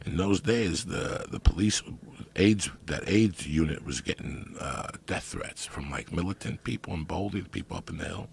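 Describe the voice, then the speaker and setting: A middle-aged man telling profane comic stories in a loud, animated way. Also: sits low, normal speed, creaky, a little hiss or hum. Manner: loud animated storytelling with heavy swearing. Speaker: podcast guest storyteller. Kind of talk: profane comedic storytelling.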